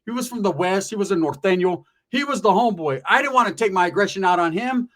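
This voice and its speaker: A man's voice: high voice, animated, fast, a bit bright. A middle-aged man casually telling a profane, streetwise story from his past, often tagging his lines with "right?".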